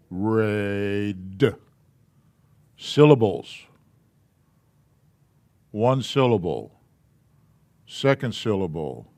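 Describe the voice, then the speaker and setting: Slow patient man teaching a class. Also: on the low side, a little mellow, no room sound. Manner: slow, patient, explaining step by step. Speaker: Hebrew alphabet teacher. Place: church classroom.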